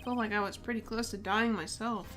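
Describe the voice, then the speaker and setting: A woman's voice: mid-range voice, steady tone, fairly quick, a bit bright, soft background music, lightly acted. A woman voicing a cheerful, easygoing young woman who chats in a playful way. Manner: chatty, playful.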